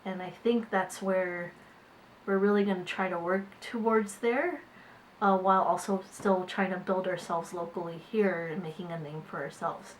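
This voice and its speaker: A woman managing artists, talking haltingly to her camera in a casual vlog with many fillers and restarts. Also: fairly low pitch, fairly even intonation, slight background noise, low-quality recording. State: tearful, voice catching.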